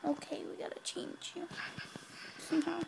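A woman filming herself on her phone, softly hushing and soothing a baby while chatting casually to her viewers. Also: extremely high pitch, little pitch movement, moderate pace, gravelly, slight background noise. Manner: soothing, hushing, often soft and whispery. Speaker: vlogger caring for a baby. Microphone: handheld phone.

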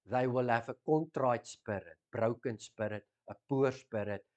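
A man with a South African accent preaching a sermon, swinging from loud emphasis down to hushed intensity. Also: medium pitch, a little slow, lo-fi sound. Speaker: pastor.

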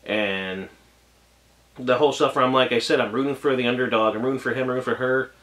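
A man's voice: medium pitch, fairly even intonation, brisk, a bit bright. Gushing, rambling male anime reviewer. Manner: gushing and emotional, rambling with many restarts. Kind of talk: casual spoken episode review.

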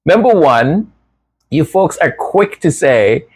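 Slow, husky man ranting sarcastically. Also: fairly high pitch. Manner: animated, sarcastic, repeats words. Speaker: royal commentary host. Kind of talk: casual commentary.

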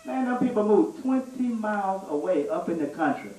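A man tells a comic story from the pulpit, animated and laughing as he goes. His voice sits high. It is recorded in an echoey church from some distance off the mic. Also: moderate pace, faint music behind. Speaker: preacher. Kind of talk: storytelling sermon. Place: church sanctuary.

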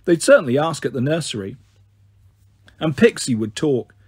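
Husky man reading a storybook. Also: a little high, dry recording, studio quality. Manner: steady, measured first-person reading. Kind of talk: audiobook narration.

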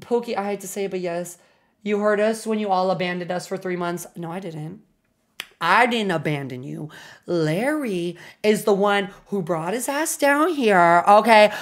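A young adult woman streaming a reaction video, chatting casually, swearing constantly and bursting into loud laughter. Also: medium pitch, moderate pace. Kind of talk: casual livestream reaction chat.

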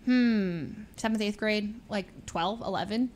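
A young adult woman streamer telling stories in casual chat, animated and full of fillers, acting out the voices she quotes. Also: mid-range voice, a little slow, slight background noise.

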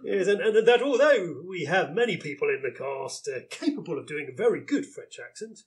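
Brief: man playing a pompous, bumbling inspector for a comedy sketch, high voice that swoops around, stammering bluster. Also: sing-song, brisk. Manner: blustering, stammering, chuckling at himself. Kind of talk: live comedy sketch reading.

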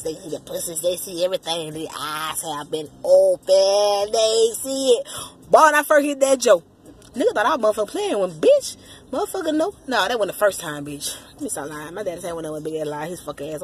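A woman vlogger ranting casually to her viewers, profane, loud and rambling. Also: on the low side, slight background noise. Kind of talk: casual rant to the camera.

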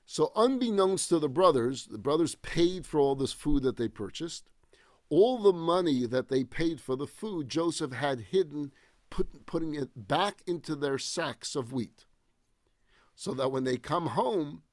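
A male rabbi teaching a Bible study class, reading verses aloud and retelling them in casual, expressive paraphrase. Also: on the high side, moderate pace, no echo, clean studio sound.

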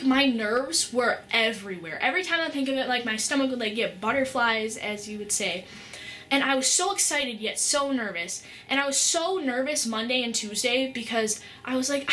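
A teenage girl vlogging, with a bright, forceful voice pitched a little high. She tells a story in a rush of excitement, rambling, filling it with "like" and stopping to restart her sentences. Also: a little hiss or hum. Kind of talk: casual storytelling vlog.

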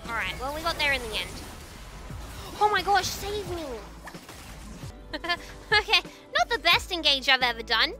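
A woman streaming a game talks in a very high, bright voice, full of giggles and sudden outbursts. She narrates her own play, pleads with her teammates and laughs at her own mistakes, while game music plays clearly underneath. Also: sing-song, moderate pace, pauses often. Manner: self-mocking, frequent laughter. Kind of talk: live gameplay commentary.

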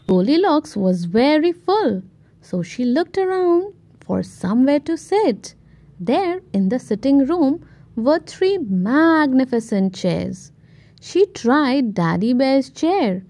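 Slow, expressive children's storyteller woman. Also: high voice. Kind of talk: read-aloud storytime narration.

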